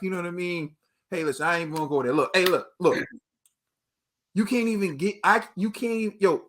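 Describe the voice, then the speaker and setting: A man's voice: sits high, pushed and bright. An American man hosting a boxing show, ranting to his viewers in an emphatic, slangy way. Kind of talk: animated commentary rant.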